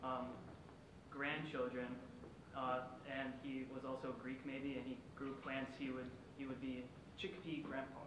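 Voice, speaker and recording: A man improvising puns on stage, with halting fillers between them. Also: mid-range voice, level tone. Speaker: improv performer. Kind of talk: live improv pun game. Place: performance room with a live audience. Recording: echoey room with background noise.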